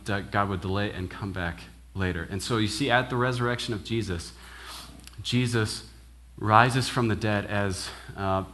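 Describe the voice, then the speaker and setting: Man, young adult, minister, lowish pitch, conversational sermon, animated, acts out dialogue. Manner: casual and animated, acts out quoted dialogue, frequent "right?".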